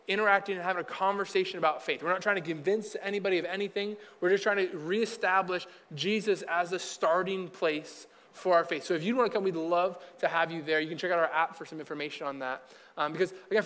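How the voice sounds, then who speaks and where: A man preaching a casual sermon, chatty and acting out quick snippets of dialogue. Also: high-pitched, fairly bright tone, long reverb tail. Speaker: pastor.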